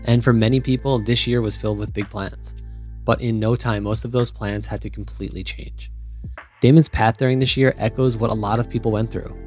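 A man hosting a podcast, reading a scripted intro in a measured, even way. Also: mid-range voice, faint music behind. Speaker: podcast host. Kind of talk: scripted intro narration and casual interjections.

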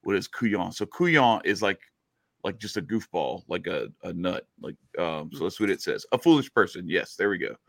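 A man's voice: sits low, lively intonation, moderate pace, vocal fry, a bit bright, no room sound, clean studio sound. A man from Louisiana with a Cajun accent, chatting casually and telling a long joke, rambling and correcting himself as he goes. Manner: rambling, self-interrupting, joking. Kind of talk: casual chat, storytelling.

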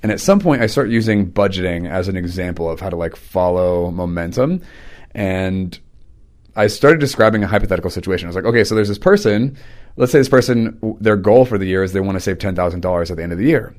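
A man's voice: deep voice, fast talker, darkish tone. A man hosting his own podcast, telling stories in a loose, rambling, chatty way. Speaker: podcast host; teacher and preacher. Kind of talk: casual podcast chat.

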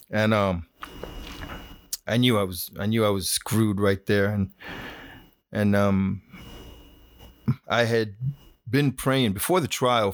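A man's voice: on the low side, no room sound, clean studio sound. A middle-aged man, a former Border Patrol agent, telling his own story in a plainspoken, wry, casual way with fillers and restarts.

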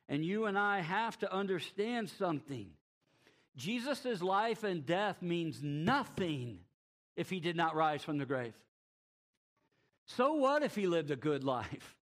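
A man preaching a sermon, asking rhetorical questions and swinging between loud emphasis and quiet, drawn-out lines. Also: fairly high pitch.

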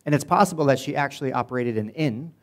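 A man's voice: medium pitch, quick pace. Man preaching a casual, joking sermon. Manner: casual storytelling, asides and jokes. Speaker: pastor.

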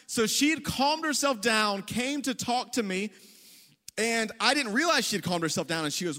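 A male pastor with a high, bright voice tells a funny story in a casual, self-deprecating way. He speaks in a large church hall, and his voice rings out with a long echo. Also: normal speed. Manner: self-deprecating, joking, conversational. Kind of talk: storytelling sermon.

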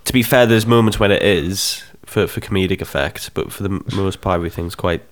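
Rambling low-voiced man. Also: fairly quick. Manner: rambling, animated, puts on silly voices. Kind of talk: casual chat.

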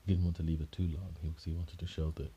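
A man's voice: extremely low pitch, flat delivery, fast, vocal fry, mellow, lo-fi sound, slight background noise. A man telling an improvised detective story, rambling with frequent restarts and self-corrections.

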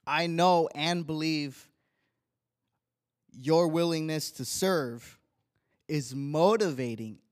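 A young man stands before a church congregation and reads a tribute from his notes. His voice sits a bit high and he takes it slowly, with heartfelt, earnest thanks. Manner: heartfelt, earnest, slow and deliberate. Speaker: church member giving a tribute to his wife. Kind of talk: read tribute speech in church.

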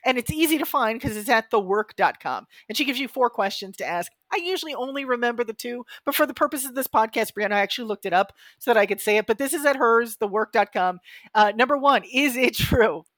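Animated woman in her fifties, dry sound. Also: a little high, fast talker, no echo. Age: 50s. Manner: animated, acts out quoted thoughts. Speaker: podcast co-host. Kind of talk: casual podcast conversation.

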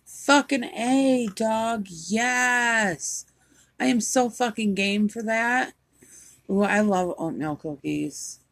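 A woman's voice: on the high side, slow, no echo. Laughing, profane woman telling stories. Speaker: podcast co-host. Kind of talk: casual chat.

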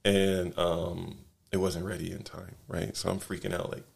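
Man, very low voice, gravelly, rambling casual storytelling, lots of fillers. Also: little pitch movement, normal speed. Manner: rambling, many fillers and restarts. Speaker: podcast guest.

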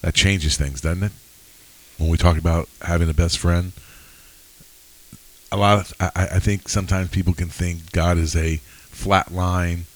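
Deep-voiced man in earnest chat. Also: steady tone, normal speed, rough recording. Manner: earnest, personal storytelling with frequent restarts. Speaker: podcast co-host. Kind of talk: casual Bible study chat.

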